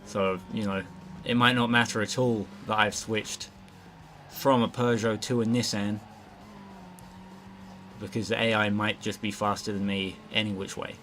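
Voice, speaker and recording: A man's voice: lowish voice, little pitch movement, measured pace, a bit bright, faint music behind. A man casually narrating his gameplay as a let's play host, rambling with lots of fillers and frequent swearing. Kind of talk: gameplay commentary.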